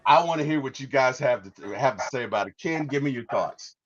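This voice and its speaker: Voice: mid-range voice, animated, fairly quick, muffled recording, a little hiss or hum. A podcast host reviewing a movie, enthusiastic, laughing often and trailing off in restarts.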